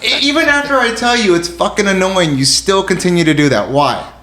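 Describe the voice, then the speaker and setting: A man's voice: high voice, animated, fairly quick, bright, forceful tone, a little hiss or hum. Exasperated host man in an echoey room. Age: 40s. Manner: exasperated, swearing complaints. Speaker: podcast host. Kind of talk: casual podcast chat. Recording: roomy echo.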